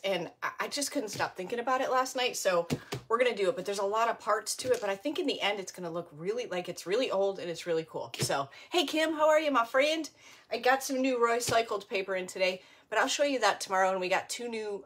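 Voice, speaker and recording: A woman's voice: fairly high pitch, a bit bright. A chatty woman in her fifties hosts a live crafting stream, breaking off mid-sentence to greet viewers by name. She laughs at herself often and keeps a loose, rambling, friendly flow. A faint hiss sits under her voice. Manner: self-deprecating, laughs often. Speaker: crafting livestream host. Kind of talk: casual live craft tutorial chat.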